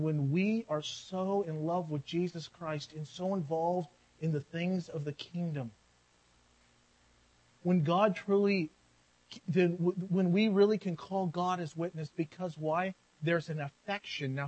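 A high-pitched male pastor delivers a sermon. He bursts into loud, fervent exclamations, then drops into hushed, earnest teaching. He laughs between his words at times. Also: unhurried, poor audio. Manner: animated, shouting exclamations then dropping to quiet earnest tones.

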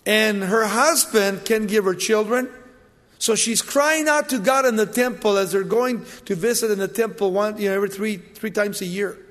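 A man preaching a sermon, retelling a story with lively, acted-out dialogue. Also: sits high, moderate pace. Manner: animated retelling, acting out quoted voices. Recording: long hall reverb.

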